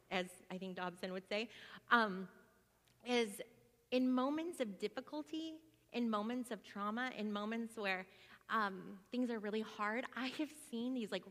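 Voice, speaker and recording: A woman's voice: mid-range voice, fairly bright tone, big-room sound. A woman, a single mom, telling a personal faith story in a casual, rambling way with frequent fillers and restarts. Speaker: single mom sharing a testimony.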